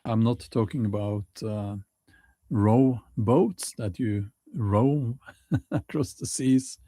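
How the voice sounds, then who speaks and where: Slow, halting Norwegian-accented man. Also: on the low side, dark tone, no room sound, clean studio sound. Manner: halting, many restarts and fillers. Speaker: vlog host. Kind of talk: casual spoken commentary.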